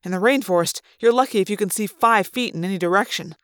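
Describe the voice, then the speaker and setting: A woman narrating a young-adult novel as a dramatic audiobook reading, slow and deliberate. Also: mid-range voice, a bit bright, clear, resonant tone, no room sound, studio quality.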